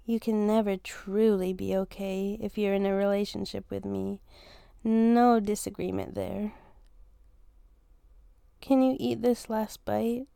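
Slow, gravelly young woman teasing. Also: medium pitch, steady tone, warm tone, no echo. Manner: teasing, playful, laughs often, swears casually. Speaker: fiancée in a listener role-play. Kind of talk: casual romantic role-play audio.

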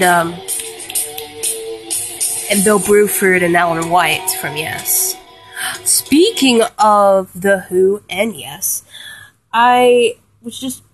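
A young woman talking casually and rambling about music she loves, giggling often and restarting her sentences. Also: mid-range voice. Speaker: music fan vlogger.

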